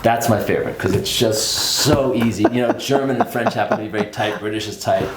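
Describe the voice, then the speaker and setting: A man with a fairly low voice chatting easily in an interview. He keeps sliding into put-on accents and back out again, clearly having fun with it. His voice carries a noticeable echo from the room around him. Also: quick pace, background noise. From United States. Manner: playful, switches in and out of put-on accents. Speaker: actor guest. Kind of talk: casual interview, demonstrating accents.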